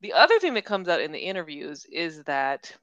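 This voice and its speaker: A woman's voice: low voice, very animated, brisk, fairly bright tone, dry recording, dull audio. A young adult woman co-hosting a casual book chat, retelling scenes and giggling. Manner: chatty, retells scenes with quoted voices, giggles. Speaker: podcast co-host.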